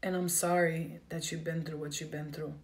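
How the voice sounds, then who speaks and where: A woman's voice: sits low, little pitch movement, moderate pace, slight background noise. A woman giving a live tarot reading, emotional and direct, speaking straight to her viewers. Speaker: tarot reader.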